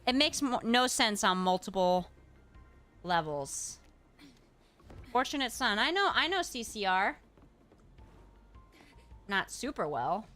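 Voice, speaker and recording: A woman's voice: mid-range voice, very animated, takes it slowly, pauses often, a bit bright, faint music behind. A woman streaming a video game in a playful casual chat, humming and scatting to herself and drifting between languages. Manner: playful, hums and scats to herself, drifts into Spanish and German.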